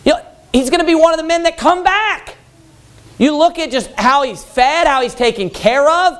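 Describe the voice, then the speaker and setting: A man's voice: very high voice, moderate pace. A man preaching a sermon in a casual, conversational way, with many fillers and acted-out scenes.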